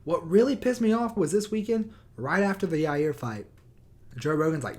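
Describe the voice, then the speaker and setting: A man's voice: a little high, expressive, normal speed, a little mellow. A young man on his own microphone, ranting in a heated, sarcastic way with lots of swearing. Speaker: YouTuber. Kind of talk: profane rant. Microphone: new microphone.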